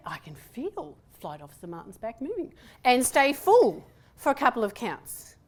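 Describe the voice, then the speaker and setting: A woman leading a group through breathing and humming exercises, a lively, playful instructor who counts slowly and cues each step. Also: a little high. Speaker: voice workshop presenter. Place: room with a participating group.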